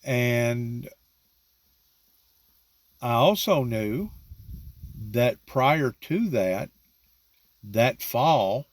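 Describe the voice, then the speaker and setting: A middle-aged man, slowly telling a personal religious testimony with emphatic rising peaks. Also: medium pitch, lively intonation. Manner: slow, drawn-out storytelling with rising emphatic peaks.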